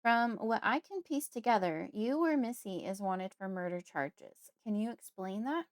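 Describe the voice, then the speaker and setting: A woman's voice: expressive, moderate pace, lightly acted. A woman voicing a wary, suspicious woman. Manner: questioning, higher-pitched, insistent.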